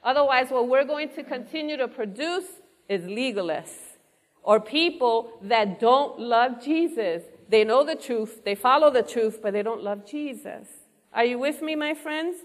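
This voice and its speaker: Earnest woman preaching in a reverberant hall. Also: high voice. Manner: earnest, engaging the audience with questions. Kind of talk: sermon. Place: church hall before a congregation.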